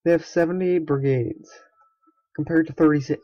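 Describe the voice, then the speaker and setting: A man's voice: fairly high pitch, fairly even intonation, moderate pace, warm tone, no echo, highs cut off. Sarcastic young man muttering over a game. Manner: sarcastic, swears, mutters to himself. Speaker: gaming let's player. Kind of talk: casual gameplay commentary.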